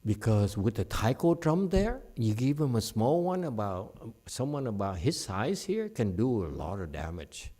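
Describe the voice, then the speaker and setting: Unhurried middle-aged man teaching Buddhism, dark-toned and blunt, ribs his audience with a laugh. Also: lowish voice, very animated. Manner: frank and scolding, teases listeners by name, laughs often. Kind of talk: dharma talk to a live audience.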